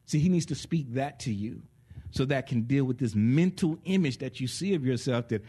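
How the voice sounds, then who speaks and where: Male preacher, lively sermon delivery with acted-out voices, voice a bit high. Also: normal speed, breathy edge. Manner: animated preaching, acting out voices, laughing with the congregation. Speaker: pastor.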